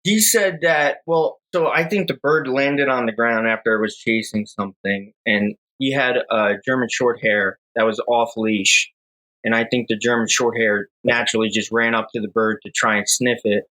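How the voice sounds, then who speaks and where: A man's voice: mid-range voice, moderate pace, poor audio. A young man, a falconer, casually telling a story on a podcast with lots of fillers and restarts. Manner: rambling, relaxed storyteller with many fillers.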